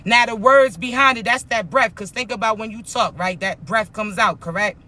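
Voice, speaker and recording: A woman's voice: mid-range voice, moderate pace, sharp tone. A woman spiritual life coach giving a motivational talk in an emphatic, blunt, slangy and often profane way.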